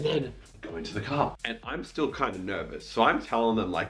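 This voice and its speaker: A young man telling a funny personal story in casual chat, animated and jumping into high squeaky voices when he quotes people. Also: brisk.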